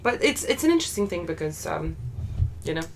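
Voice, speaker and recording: A woman's voice: lowish voice, sing-song, brisk, slight background noise. A woman hosting a quiz on a casual podcast, steadily reading out clues and revealing answers. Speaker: quiz-running podcast co-host.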